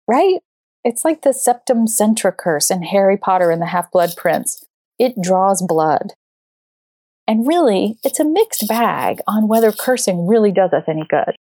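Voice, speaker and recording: A middle-aged woman talks straight to the listener in a relaxed monologue, spinning a personal story with lively energy. She slips into the voices of the people she quotes. Her voice sits in the middle range and sounds close and dry, with no room around it. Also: mid-range voice, no room sound. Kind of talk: conversational monologue.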